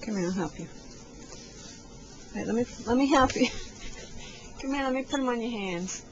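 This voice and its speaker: A woman's voice: a little high, moderate pace, dull audio. Sing-song woman playing with a toddler. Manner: animated, sing-song baby talk. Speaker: caregiver filming a toddler. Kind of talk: playful talk to a toddler. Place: at home, indoors. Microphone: handheld camcorder mic. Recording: home video with clear background noise.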